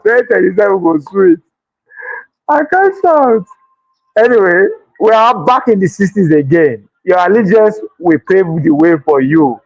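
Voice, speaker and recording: A man with a Nigerian accent giving excitable political commentary, laughing and exclaiming often and slipping into pidgin. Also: sits high, dry recording, lo-fi sound. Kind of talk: animated political chat.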